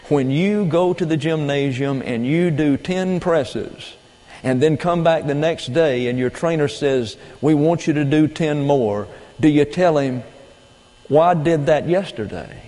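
A male pastor delivers a Bible lesson in a steady, lecturing way, often pausing with fillers and starting phrases over. His voice sits at an ordinary pitch for a man. The sound carries a long reverb, as if recorded in a large hall. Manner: measured, lecturing, with frequent fillers and restarts. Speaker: pastor teaching a Bible class. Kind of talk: sermon-style Bible teaching.

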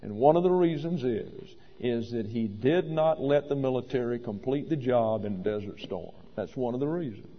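A man's voice: medium pitch, lively intonation, moderate pace, few pauses. A man preaching a sermon in an emphatic, wry manner, sometimes stopping to correct himself. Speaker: pastor. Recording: lo-fi recording in a reverberant hall.

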